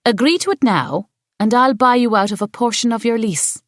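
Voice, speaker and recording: A woman voices a cool, pushy landlady in a pristine suit, playing her as businesslike while she presses a deal. She pitches her natural-sounding voice fairly high, above her own, and speaks at a moderate pace. The recording is dry and of studio quality.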